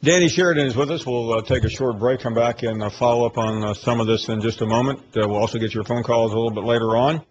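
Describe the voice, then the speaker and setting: A man's voice: mid-range voice, fast talker, few pauses, highs cut off, a little hiss or hum. A man hosting a call-in sports radio show, defensive and wry, who stammers and restarts often. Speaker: radio talk show host.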